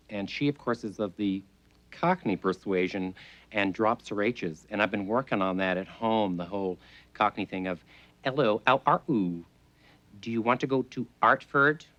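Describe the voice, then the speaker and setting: A man's voice: fairly low pitch, a bit bright. A man in a film scene, rambling on in a chatty way. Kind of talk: film dialogue. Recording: dull lo-fi film clip audio.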